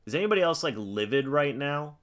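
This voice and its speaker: A man's voice: fairly high pitch, expressive, fairly quick, fairly bright tone, slight background noise. A man on a live stream calling each play and ranting in angry exasperation at the referees. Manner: reads plays aloud like commentary. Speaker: sports reaction streamer.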